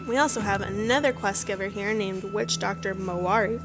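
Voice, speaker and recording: A woman's voice: mid-range voice, a little fast. A woman giving casual, chatty commentary while playing a game and reading its quests aloud. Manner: chatty, self-deprecating. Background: game music.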